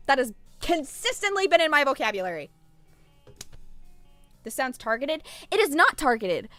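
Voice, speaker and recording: High, lively woman streamer. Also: dry recording. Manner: rambling, irreverent, swears freely. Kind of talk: casual live-stream chat.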